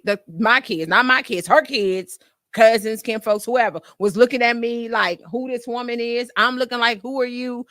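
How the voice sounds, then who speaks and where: A woman nurse hosting her own show, chatting to listeners in a lively way and acting out her own past reactions. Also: medium pitch, no room sound, clean studio sound. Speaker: nurse and podcast host. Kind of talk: casual storytelling to listeners.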